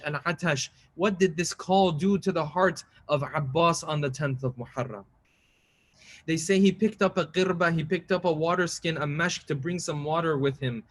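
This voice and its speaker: A man giving a mournful sermon, telling a tragic story with rising emotion and quick recited lines. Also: on the high side, fairly bright tone. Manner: quotes Arabic lines in quick chant-like recitation. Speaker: preacher. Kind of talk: mournful majlis sermon narration.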